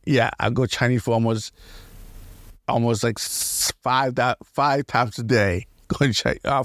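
A man's voice: mid-range voice, no room sound. Male solo podcaster, chatty and meandering, laughs between thoughts, dry recording. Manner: rambling, laughs often, restarts a lot. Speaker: podcast host. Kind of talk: casual solo podcast rambling.

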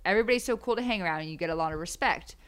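A woman's voice: on the low side, racing, smooth. A woman hosting a podcast, chatting casually, joking and reading quotes aloud. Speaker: podcast host. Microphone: podcast microphone.

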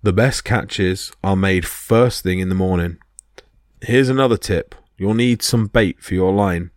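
A man's voice: low-pitched, measured pace, no room sound, clean studio sound. A man voicing a hulking male giant who hates gods, bellowing and mocking.

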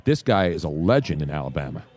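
An older man hosting a live sports radio show, talking in an animated way with trained broadcaster diction and a slight South Philly accent. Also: extremely low pitch, fast talker, husky. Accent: slight South Philly under trained broadcast diction. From South Philadelphia. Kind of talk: casual radio talk. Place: radio row booth at a live event.

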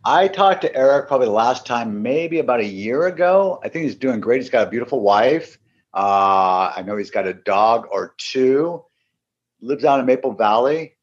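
A man's voice: mid-range voice, moderate pace, breathy edge. A man, a podcast guest, telling a long casual anecdote and acting out the people in it. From Seattle area. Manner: animated anecdote, acts out quoted voices. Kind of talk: casual storytelling. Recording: dull lo-fi sound.

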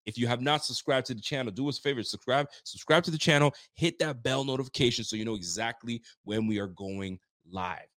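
A man hosting a live sports talk show, excitable and loud, often repeating himself as he talks. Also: medium pitch, fairly quick, few pauses, no room sound, studio quality. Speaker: sports podcast host. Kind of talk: casual live show chat.

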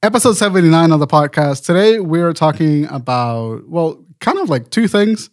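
A man's voice: a little high, lively intonation, normal speed, no room sound, studio quality. A man co-hosting a casual podcast, swearing freely and laughing a lot. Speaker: podcast producer and co-host.

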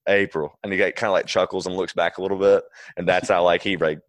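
A young man co-hosting a podcast, recapping scenes in relaxed, conversational chat. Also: sits low, quick pace, dry recording. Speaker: podcast co-host. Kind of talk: casual chat.

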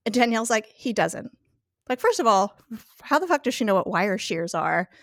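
A woman's voice: a little high, a little fast, no room sound, clean studio sound. A woman recapping a TV episode in casual podcast chat, acting out the characters' lines with frequent laughter. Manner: animated, acts out quotes, laughs often.

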